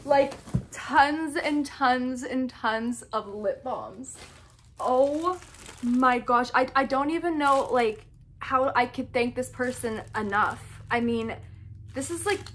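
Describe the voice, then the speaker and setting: Young woman, bright high voice, excited vlog chatter, gushing and breathless; faint noise in the background. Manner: gushing, breathless, keeps repeating "oh my gosh". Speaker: vlogger opening fan mail.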